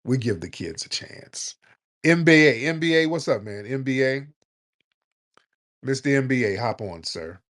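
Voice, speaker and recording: A man hosting a call-in show, blunt and joking, scolding his callers in loud, casual talk. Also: mid-range voice, expressive, unhurried, long pauses. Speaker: radio call-in host.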